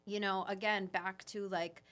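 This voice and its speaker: A woman's voice: mid-range voice, level tone, measured pace, a bit bright. A woman who owns a spa, telling her story in a casual podcast chat, earnest and full of fillers. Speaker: spa owner guest.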